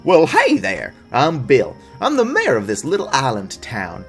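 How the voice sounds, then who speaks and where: A man voicing a hearty, friendly middle-aged town mayor in a game, speaking loudly and jovially. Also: wildly swooping pitch, a little slow, gravelly, soft background music, exaggerated voice. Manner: loud, booming and jovial.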